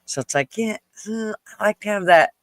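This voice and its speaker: A man's voice: high-pitched, fairly quick, dry recording. A man co-hosting a casual podcast, talking thoughtfully and often chiming in with short agreement. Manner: thoughtful, agreeable, frequent back-channel replies. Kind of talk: casual chat.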